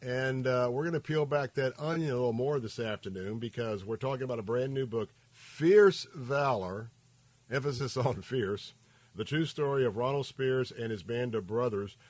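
An upbeat man hosts a radio talk show into a studio mic, and he sounds energetic and enthusiastic. The recording is dry and close, with no room sound around his mid-pitched voice. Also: fairly quick, no room sound. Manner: energetic, upbeat, some fillers. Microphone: studio microphone.

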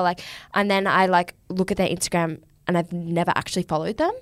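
A young woman co-hosting a podcast, chatting in a relaxed way with long, easy phrases. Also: on the low side, quick pace, hardly any pauses, no room sound, clean studio sound. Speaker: podcast co-host. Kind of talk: casual chat.

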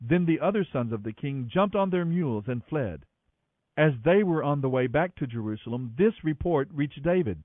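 Expressive man reading scripture aloud. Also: on the high side, a little slow, no echo. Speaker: Bible reader, podcast host. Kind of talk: scripted Bible narration. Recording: tinny phone-like audio, dry.

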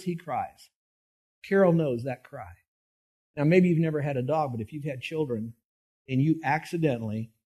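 A man's voice: medium pitch, dark tone, husky. A man preaching a sermon, telling folksy, self-deprecating stories full of restarts before turning to scripture. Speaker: pastor.

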